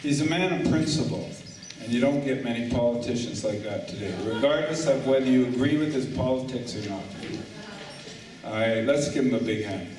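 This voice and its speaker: Captured by a distant microphone in an echoey banquet hall, an older emcee at a lunch event speaks in a mid-range voice at normal speed. He rambles and trips over his words before correcting himself.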